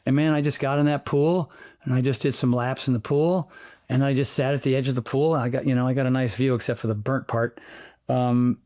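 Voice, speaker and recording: A man, a fitness trainer, chatting as an interview guest, telling animated, rambling stories peppered with sound effects. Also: mid-range voice, fairly quick. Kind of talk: casual interview chat.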